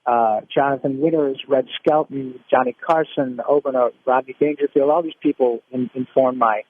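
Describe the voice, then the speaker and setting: A man from Michigan, a guest voice actor, telling stories in an animated way with many restarts in a casual interview. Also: mid-range voice, moderate pace. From Michigan, USA. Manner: animated storyteller, frequent restarts. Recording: dry, phone-like line.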